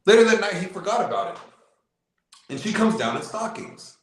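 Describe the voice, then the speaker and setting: A man's slightly high voice rings through a very echoey room. He is a guest in a casual chat, rambling through a long anecdote with fillers. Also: big pitch swings, moderate pace. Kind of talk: casual storytelling.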